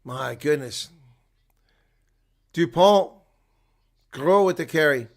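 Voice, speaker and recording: Guy doing live rugby commentary, kinda high bright voice, chatty between plays. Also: normal speed. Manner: swings from quiet asides to loud excited calls; chuckles and chats with viewers between plays. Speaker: play-by-play commentator.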